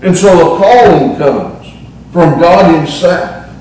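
High-voiced Appalachian preacher in echoey church. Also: male voice, a little mellow. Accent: Southern Appalachian. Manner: folksy, humorous preaching with drawn-out emphasis. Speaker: pastor. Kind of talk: sermon. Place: church sanctuary. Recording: echoey church, mic at a distance.

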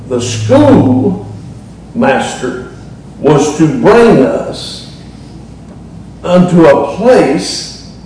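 This middle-aged pastor, speaking with a Southern Appalachian accent, gives a humorous, folksy sermon and lingers on words to stress them. His voice is medium in pitch with a darkish tone. The recording comes from an echoey sanctuary with the mic placed far off, and there's a faint hiss or hum.

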